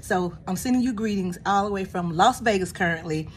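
A woman's voice: mid-range voice, fairly quick, a little hiss or hum. A woman from South Carolina, a nurse recording a rambling, church-flavored get-well video greeting. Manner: warm-hearted, churchy, rambling encouragement.

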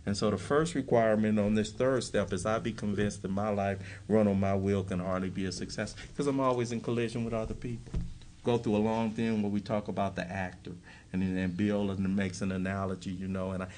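A man's voice: lowish voice, steady tone, a little fast, darkish tone, slight background noise. A man speaking to a live audience at a recovery workshop in a meeting room. He talks bluntly and emphatically, hammering points home with short, repeated lines.

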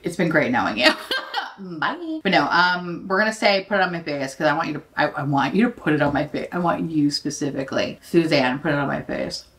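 A woman's voice: low-pitched, quick pace, fairly bright tone. A woman in her late thirties chatting as a beauty vlogger, brash and profane, mocking herself and laughing often. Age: late 30s. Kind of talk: casual chat.

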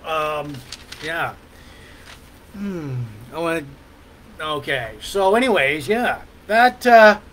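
A man with a fairly high voice hosts a livestream in loose, casual chat. He rambles and restarts often, stacking fillers between his thoughts. A faint background hiss sits under his voice. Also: a bit bright, rough recording. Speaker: livestream host.

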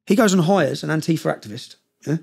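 Fast-talking intense man. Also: a little high, gravelly, darkish tone, slightly rough. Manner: intense, rapid, keeps checking in with "yeah?". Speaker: podcast guest. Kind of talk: storytelling in conversation.

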